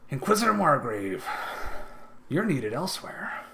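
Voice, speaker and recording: A man's voice: fairly high pitch, sing-song, measured pace, creaky, noisy background, voice pushed up, full character voice. A silky, scheming older nobleman with a cane, gloating over a prisoner, as a man puts him on. His voice is lifted above the narrator's usual and sounds a little distant. It is a tabletop game voice. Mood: smug. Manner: smug, silky.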